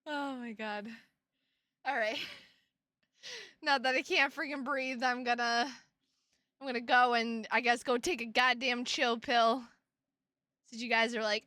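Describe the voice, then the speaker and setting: A woman's voice: on the high side, steady tone, a little slow, long pauses, bright, forceful tone, no echo, clean studio sound. A young woman streamer chatting playfully with her audience, dramatic and full of swearing. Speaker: VTuber streamer. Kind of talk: casual live-stream chat.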